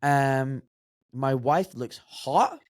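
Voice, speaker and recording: A man's voice: mid-range voice, drawn-out words, dry recording. Glaswegian man, forties, podcast guest; blunt, direct delivery, dry close-up sound. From Scotland. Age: 40s. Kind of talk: casual interview conversation.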